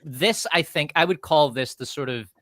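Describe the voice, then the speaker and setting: A man's voice: on the high side, normal speed, fairly bright tone, no room sound. A man speaking as a guest on a livestream, crude and mocking in his remarks. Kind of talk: casual livestream chat.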